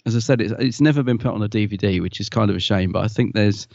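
A man with a gravelly, creaky voice chats loosely on a podcast and laughs easily as he tells his stories. His recording sounds dry and a little muffled. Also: on the low side, fast talker, darkish tone, no room sound. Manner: chatty, laughs often, fond of anecdotes. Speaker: podcast co-host. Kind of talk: casual chat.

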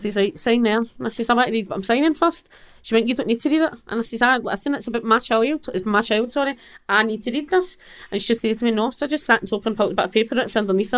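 Fast-talking Glaswegian Scottish woman. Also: mid-range voice. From Scotland. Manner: blunt and animated, acts out quoted exchanges. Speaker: guest. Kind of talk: conversational personal account.

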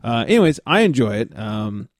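A man's voice: mid-range voice, big pitch swings, normal speed, no echo, studio quality. Laid-back man hosting a casual podcast. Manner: laid-back, laughs often, rambling asides. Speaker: podcast host. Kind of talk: casual beer podcast chat.

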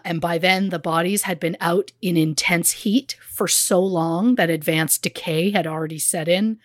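A woman's voice: on the low side, no room sound, clean studio sound. Blunt woman telling a true crime story. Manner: blunt, conversational, with fillers. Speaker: podcast co-host.

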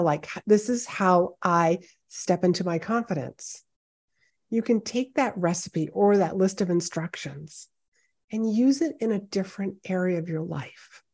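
A woman's voice: medium pitch, dark tone. A woman hosting a solo podcast as a speaking coach, talking in an encouraging, conversational way straight to the listener from her home office. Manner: encouraging, conversational, direct address. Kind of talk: solo podcast pep talk. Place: home office with high ceilings and hardwood floors.

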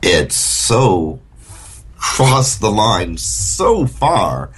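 A man co-hosting a radio talk show, chatting casually and often halting with fillers and repeats. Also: fairly low pitch, huge pitch swings, slightly rough.

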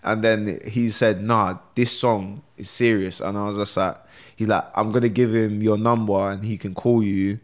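Man, young, lowish pitch, relaxed slangy storytelling. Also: normal speed. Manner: laid-back slangy storytelling, acts out quotes. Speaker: rapper guest. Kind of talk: casual podcast interview.

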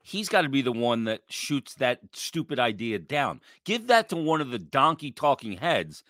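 A man's voice: mid-range voice, very animated, moderate pace, fairly bright tone, no echo, studio quality. A man co-hosting a casual sports podcast, blunt and jokey, swearing casually. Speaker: podcast co-host. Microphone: podcast microphone with headphones.

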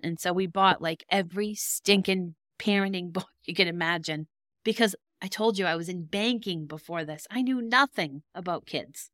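A woman's voice: lowish voice, normal speed, a bit bright, dry recording, clean studio sound. Candid middle-aged woman telling her story. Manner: emotional, candid, rambling. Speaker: podcast host. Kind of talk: personal storytelling.

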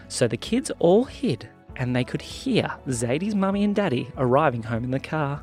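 Lively man telling a kids' story. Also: fairly high pitch, moderate pace, soft background music. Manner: lively, animated reading. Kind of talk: children's story narration.

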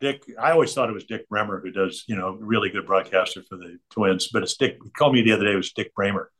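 An older man speaks fast, with a fairly low pitch and a bit of brightness, as a guest on an interview. Chuckling between tales, he tells rambling, digressive stories in a chatty way.

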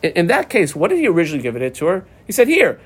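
A man's voice: on the high side, racing, husky. A man teaching a Talmud class, reading the text and translating it line by line as he marks up the page. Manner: reads Aramaic text then translates, animated, marks up the text aloud. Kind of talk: daf yomi Gemara class.

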